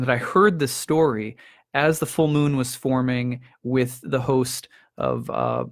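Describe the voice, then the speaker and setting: A man's voice: on the high side, dry recording, studio quality. A man, an astrologer talking casually to camera, reflective and full of rhetorical questions, often restarting his sentences. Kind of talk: casual spoken talk to camera.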